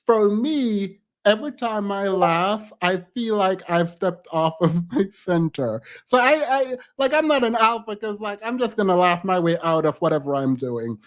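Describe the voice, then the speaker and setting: A woman's voice: medium pitch, expressive, moderate pace, hardly any pauses. A woman reacting to a clip in casual commentary, outspoken and laughing often between remarks.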